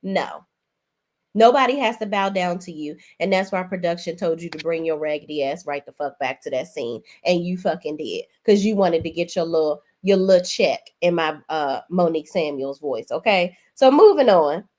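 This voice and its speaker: A woman's voice: on the low side, normal speed, hardly any pauses, a little mellow. A woman hosting a reality TV recap, talking in a sassy, profane, emphatic way. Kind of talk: casual profane commentary.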